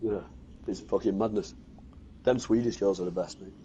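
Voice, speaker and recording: A man's voice: on the low side, fairly even intonation, normal speed, dark tone, slight background noise, low-quality recording. A man bantering crudely on a gaming stream, swearing and mumbling. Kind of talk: casual banter.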